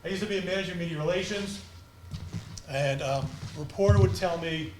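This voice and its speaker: Passionate fast-talking man lecturing. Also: sits high, a little hiss or hum. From United States. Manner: fast, passionate, animated delivery. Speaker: lecturer on crisis communications. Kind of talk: conference talk. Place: auditorium. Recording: echoey auditorium from far off.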